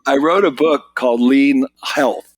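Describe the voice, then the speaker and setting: Animated American man in his sixties. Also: unhurried. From United States. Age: 60s. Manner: animated storyteller, pitch jumps when excited. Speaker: podcast guest, business author. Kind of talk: casual interview chat.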